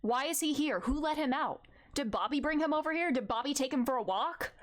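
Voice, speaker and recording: A woman's voice: high voice, animated, fairly quick. A woman streamer giving casual, rambling gameplay commentary in an amused, chatty way. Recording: loud game music behind.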